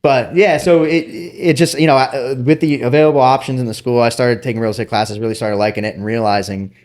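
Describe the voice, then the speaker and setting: A middle-aged man, a former military officer, talking casually as a podcast guest and animatedly telling stories with quick asides. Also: mid-range voice, fairly even intonation, darkish tone. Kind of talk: casual interview storytelling.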